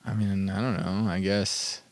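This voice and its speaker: A man's voice: low-pitched, little pitch movement, moderate pace. Male co-host, mid voice, blunt and argumentative, swears. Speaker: podcast co-host. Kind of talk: casual chat.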